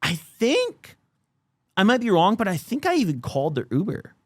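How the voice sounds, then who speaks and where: A young man spins a messy story for his co-host, his voice a touch higher than most men's. The sound is dry and close, with no room around it. He throws himself into the quotes, cussing and mimicking freely. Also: normal speed, no echo. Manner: animated, acts out quotes with swearing. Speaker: podcast host. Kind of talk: casual storytelling chat.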